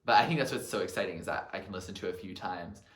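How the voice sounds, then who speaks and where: Chatty man with a bright echoey voice. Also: deep voice, racing. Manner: chatty, lots of fillers. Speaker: music vlogger. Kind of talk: casual album countdown.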